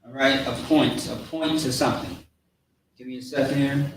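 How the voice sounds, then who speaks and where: A man giving a casual, slangy lesson on words, spelling them out slowly. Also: mid-range voice, steady tone. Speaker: teacher of a language class. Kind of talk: informal lesson with a live chat. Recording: echoey room, far from mic, faint noise.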